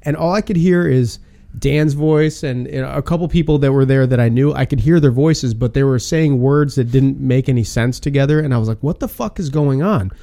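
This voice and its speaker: A man casually recounting a wild night to friends, rambling and animated, with plenty of filler words. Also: medium pitch, brisk, vocal fry. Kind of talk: casual storytelling chat.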